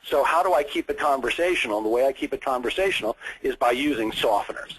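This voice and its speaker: A man coaching a salesperson in conversation, talking in an animated way and repeating his phrases. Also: mid-range voice, fast, slightly rough, low-quality recording.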